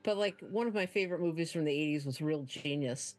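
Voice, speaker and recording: A middle-aged woman in a relaxed group chat, talking with hesitant restarts while she hunts for the right word. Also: sits low, fast. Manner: searching for words, hesitant.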